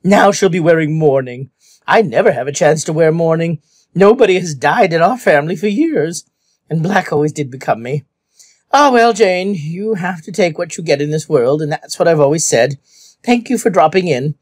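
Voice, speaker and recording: A gossipy, self-pitying old woman, put on by a man reading a storybook aloud, whining in an aggrieved way. The voice climbs high and swings up and down, and the sound is close and dry. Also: lively intonation, normal speed, no echo. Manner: complaining, aggrieved whine.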